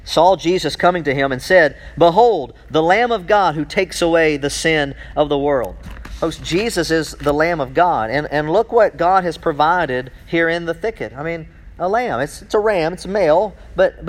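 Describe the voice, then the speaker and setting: A man preaching in a church, his voice sitting a little higher than most men's. He reads scripture aloud and keeps breaking off mid-thought to question his listeners. His excitement climbs as he goes. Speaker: pastor. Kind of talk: sermon.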